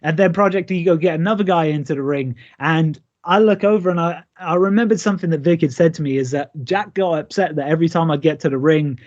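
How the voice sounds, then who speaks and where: A man in his thirties, a wrestler by trade, tells stories from the ring and slips into the voices of the people he quotes. His voice sits a touch high for a man. The sound is dull and lo-fi, like a call recording. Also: fast, few pauses. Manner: lively, acts out quoted lines. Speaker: pro wrestler, guest. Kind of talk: remote interview storytelling.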